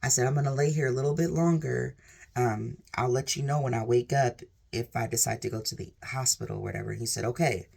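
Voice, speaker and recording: A woman's voice: a bass voice, fairly quick, gravelly, a little mellow, husky. A woman vlogger sharing a personal testimony in an earnest, rambling way, leaning on "like" and "literally". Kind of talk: emotional personal storytelling.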